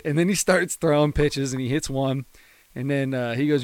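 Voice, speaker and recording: A man's voice: brisk, clear, resonant tone, no room sound. Man telling a sports story, dry sound. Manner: animated storyteller, jumps into high put-on voices for quotes. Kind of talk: casual sports chat.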